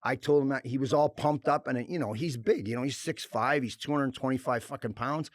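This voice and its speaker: A man's voice: mid-range voice, a little fast, dry recording, studio quality. A middle-aged man, a former hockey enforcer, talking bluntly and with lots of swearing as a podcast guest. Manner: blunt, profane, animated storytelling. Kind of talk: casual chat.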